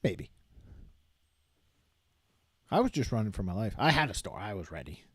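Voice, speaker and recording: Man, 40s, podcast co-host, profane storyteller, low husky voice, dry close mic. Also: big pitch swings, moderate pace, no room sound. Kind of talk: casual chat.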